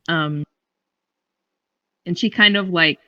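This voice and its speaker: Giggly woman with a bright voice. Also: lowish voice, no room sound, distant mic, lo-fi sound. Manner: giggly, hesitant, many fillers. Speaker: player. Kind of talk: casual tabletop play.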